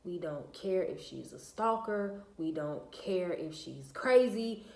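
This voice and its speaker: A woman's voice: lowish voice, lively intonation, takes it slowly, vocal fry, a little mellow. A woman, venting bluntly and profanely to her viewers in a casual rant. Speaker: vlogger. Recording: echoey room.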